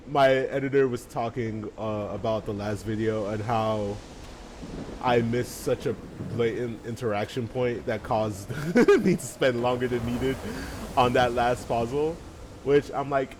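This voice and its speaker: A man's voice: medium pitch, slow pace, long pauses, a little mellow, slight background noise, low-quality recording. A man hosting a let's play from a room at home, chatting casually, rambling, swearing and laughing often. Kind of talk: casual gaming commentary. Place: home room with large windows.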